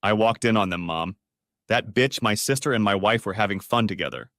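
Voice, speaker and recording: A man's voice: lowish voice, a little fast, a bit bright, no echo, studio quality, lightly acted. A man voicing a furious betrayed husband. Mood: weary. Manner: angry, clipped, cursing.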